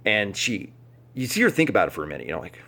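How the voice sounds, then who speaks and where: Profane, animated male storyteller. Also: lowish voice, fast, gravelly. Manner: profane, animated, deadpan asides. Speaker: vlogger. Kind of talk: comic storytelling.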